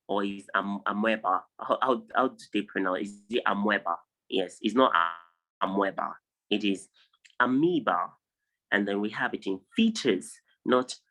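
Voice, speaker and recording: A man's voice: lowish voice, vocal fry, fairly bright tone, low-quality recording. A man from Nigeria teaching vowel sounds in an online lesson over a video call, drilling word lists aloud one word at a time. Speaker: English tutor.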